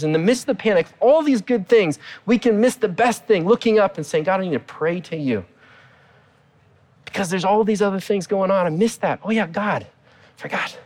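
A middle-aged man preaching a sermon as a pastor, earnest, with his voice rising and falling for emphasis. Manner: earnest, rises and drops in pitch for emphasis.

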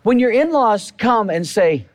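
A man preaches from a church pulpit in a slow, deliberate rhythm, his voice rising and falling with a lot of expression. He speaks in a slightly high register and talks to his listeners like he is chatting with them, circling back to repeat his key lines. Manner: animated, conversational preaching with repeated phrases. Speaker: pastor. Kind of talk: sermon.

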